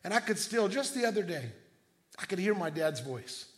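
A middle-aged man preaching a sermon as pastor, telling stories in a conversational way with quick restarts. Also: high voice, animated.

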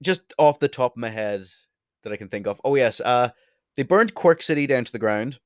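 A man's voice: medium pitch, animated, moderate pace, smooth, no room sound. Chatty Irish man, dry close sound. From Ireland. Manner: chatty, blunt, swears, wanders off topic. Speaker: vlogger. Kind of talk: casual rambling monologue. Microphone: desk mic, sometimes turns away from it.

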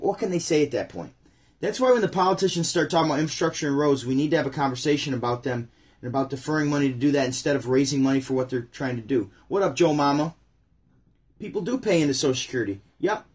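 A man's voice: medium pitch, expressive, quick pace, a little mellow, husky. A man from upstate New York hosting his own livestream, ranting bluntly and chatting casually with viewers. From Syracuse, New York. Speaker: channel host.

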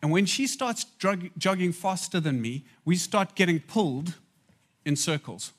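A man delivers a sermon in a loose, chatty manner. His voice sits somewhat high, and he breaks off for quick asides to the crowd. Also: expressive. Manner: conversational, asides to the audience. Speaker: preacher.

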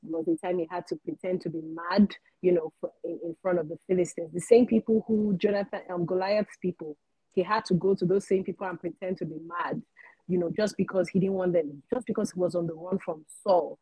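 A woman co-hosting a faith talk show, calmly explaining a Bible story. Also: lowish voice, brisk, husky, dry recording, rough recording. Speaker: co-host.

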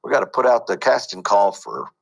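Man, voice actor, low voice, rambling, casual interview talk. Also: very animated, a little fast, vocal fry, poor audio. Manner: rambling, with many fillers and restarts. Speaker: voice actor and coach.

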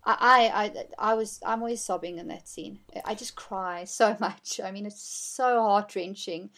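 Woman, podcast host, casual film chat, animated, mid-pitched voice. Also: a little slow. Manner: animated, acts out quotes, laughs often.

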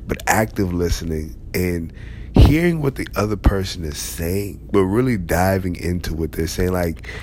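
Deep-voiced motivational speaker. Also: male voice, animated, moderate pace, darkish tone, slight background noise. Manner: conversational, emphatic, repeats key phrases. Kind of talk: motivational talk to leaders.

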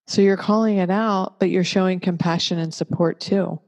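A woman with a low, mellow voice talks through a parenting lesson in a calm, reflective way. She is gentle and patient and builds her points slowly with examples, and a long reverb trails behind her words. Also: muffled recording. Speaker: parenting speaker. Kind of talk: calm reflective teaching talk. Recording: long reverberant room echo.

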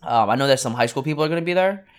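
Man in his thirties, co-host, mid-pitched voice, meandering casual storyteller full of ums. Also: animated, rapid-fire, clear, resonant tone. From United States. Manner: rambling, with many ums and restarts. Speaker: podcast co-host. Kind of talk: casual chat.

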